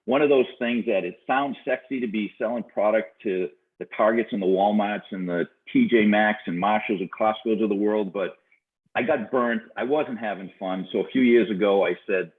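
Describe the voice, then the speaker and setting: A man in his fifties with a Boston accent, telling his story as an interview guest in an energetic, chatty way and laughing easily. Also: lowish voice, moderate pace. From Boston, USA. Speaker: guest, entrepreneur and business coach. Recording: tinny phone-like line.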